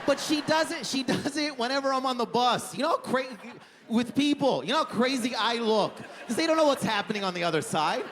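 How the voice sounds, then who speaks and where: A man's voice: very high voice, animated, brisk, hardly any pauses, a loud crowd, very noisy. A young Canadian man doing a stand-up comedy set, rambling and self-deprecating with lots of "like.". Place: comedy club stage with audience. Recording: live comedy hall reverb.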